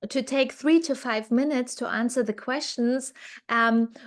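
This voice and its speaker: A woman's voice: a little high, unhurried. A woman with a German accent, a guest researcher speaking earnestly and enthusiastically in a podcast interview, with frequent fillers.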